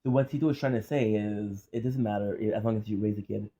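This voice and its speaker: A man talks through a reaction video in a low, gravelly voice with a husky edge. He is candid and swears freely, often stopping and restarting his sentences as he thinks out loud. His tone stays dark and mellow. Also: fairly even intonation, fast talker. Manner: candid and profane, with frequent restarts and fillers. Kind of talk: casual reaction commentary.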